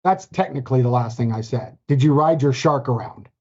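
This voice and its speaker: A man's voice: medium pitch, warm tone. Joking male podcast co-host, lo-fi. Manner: playful, joking, quick restarts. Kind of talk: casual chat. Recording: dull lo-fi sound.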